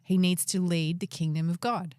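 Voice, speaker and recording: A woman's voice: lowish voice, steady tone, moderate pace, a little mellow, dry recording, clean studio sound. A woman co-hosting a podcast, casually retelling a Bible story and asking her co-host questions.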